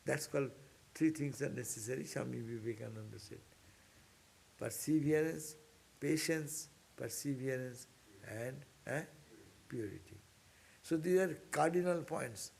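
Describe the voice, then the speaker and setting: This monk's informal spiritual lecture comes in a mid-range, slightly slow voice, mellow and breathy with vocal fry and long pauses. He exhorts earnestly, circling back to his main points, with abrupt rises in pitch.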